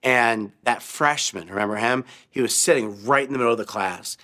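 A man's voice: mid-range voice, moderate pace, sharp tone. Male preacher, mid-range voice, tells a sermon story and acts out its characters. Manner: storytelling, acting out quoted voices with rising emphasis. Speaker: pastor.

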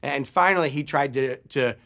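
A man's voice: mid-range voice, moderate pace, vocal fry. A man preaching a sermon as pastor, telling a story and acting out the people in it. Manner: animated, acts out shouts in his story. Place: church.

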